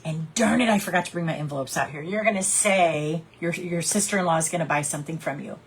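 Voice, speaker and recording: A woman's voice: low voice, fast, breathy edge, poor audio. A woman coaching her sales team in a casual, chatty talk, encouraging them and acting out little scenes. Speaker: direct sales team leader.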